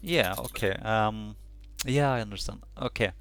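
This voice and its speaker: A man narrating as game master over an online call, halting and full of "uh" fillers. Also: fairly low pitch, a bit bright, no echo, faint music behind.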